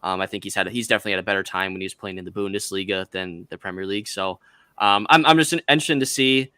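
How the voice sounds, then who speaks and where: A man's voice: deep voice, rapid-fire, bright, forceful tone, smooth, no room sound. An American man on a casual panel chat who rambles and hedges with many restarts. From United States.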